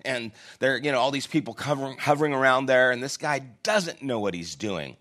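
A man's voice: medium pitch, a little fast, few pauses, fairly bright tone. A man preaching a sermon as a pastor, telling a personal story in a casual, conversational and self-deprecating way. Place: church.

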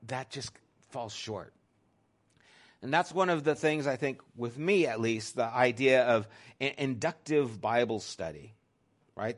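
A middle-aged pastor delivers a sermon in a conversational way at a medium pitch, moving back and forth between loud emphasis and a soft hush.

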